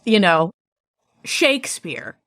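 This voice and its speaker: A woman's voice: lowish voice, sing-song, a bit bright, no room sound, studio quality. A woman co-hosting a podcast, making sarcastic jokes and laughing easily. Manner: jokey, sarcastic, quick to laugh. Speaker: podcast co-host. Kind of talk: casual joking chat.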